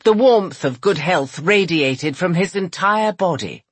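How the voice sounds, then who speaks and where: Slow, breathy woman narrator. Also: fairly low pitch, expressive, no echo. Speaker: audiobook narrator. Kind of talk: scripted romance narration.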